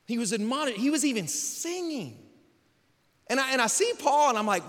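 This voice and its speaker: A pastor preaching a sermon in a church, swinging between loud, urgent passages and quiet, low reflection. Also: male voice, very animated, a little fast. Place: large church hall. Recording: long hall reverb.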